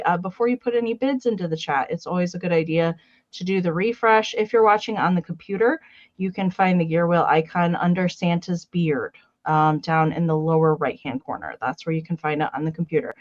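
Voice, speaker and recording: A woman's voice: on the low side, brisk, highs cut off. A woman co-hosting a live vintage sale in casual chat, greeting viewers by name and walking through the steps with many fillers.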